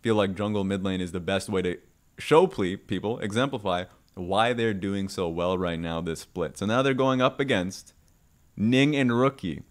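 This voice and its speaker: A man co-hosting a podcast in casual chat, teasing and excitable. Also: normal speed. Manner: excitable, teasing, pitch jumps when excited. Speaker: esports podcast co-host.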